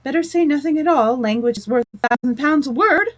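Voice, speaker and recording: A woman's voice: high voice, a little fast, pitched above the performer's own voice, close to an everyday voice. A woman voicing a chorus of many passengers chanting in a sing-song way.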